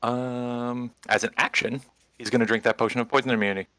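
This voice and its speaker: A man's voice: mid-range voice, flat delivery, fairly quick, pushed and bright, no echo. A man playing a tabletop game, talking hesitantly through his turn. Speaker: player.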